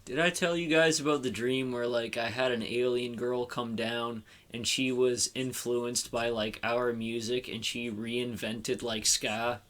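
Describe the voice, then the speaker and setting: A man's voice: medium pitch, fairly even intonation, a little slow, few pauses, fairly bright tone. A man co-hosting a casual podcast, rambling and swearing freely with lots of "like". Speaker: podcast co-host.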